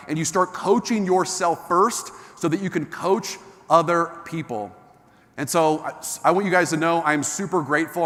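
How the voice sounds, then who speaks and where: A man with a slightly high voice gives an animated, enthusiastic motivational talk to a live audience in a large hall, telling a story with lots of energy. His delivery is full of frequent restarts, and the recording carries the long reverb of the hall.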